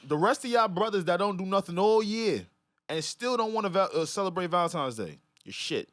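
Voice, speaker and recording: A man's voice: sits high, lively intonation, a little fast, fairly bright tone, no echo, studio quality. A man hosting a podcast, giving blunt, profane advice in casual banter. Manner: emphatic, profane, preachy. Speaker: podcast host.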